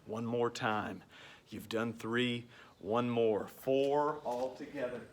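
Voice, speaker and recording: Working out alongside his class, a PE coach calls out rep counts and offers encouragement in a workout instruction video. He speaks slowly and steadily in a mid-range voice. The recording is distant in an echoey room, with slight background noise.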